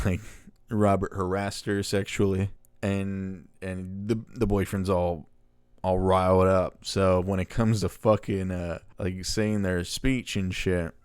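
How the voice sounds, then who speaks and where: A man's voice: fairly low pitch, darkish tone, smooth, no room sound, studio quality. A man recapping a film in a casual, rambling way, swearing often and sounding exasperated. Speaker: movie reviewer.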